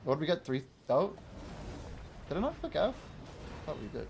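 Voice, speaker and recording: A man's voice: a little high, sing-song, normal speed, gravelly, darkish tone, a little hiss or hum. A man chatting casually while livestreaming a game, answering viewer chat and laughing often. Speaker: game streamer. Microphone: wears headphones while streaming.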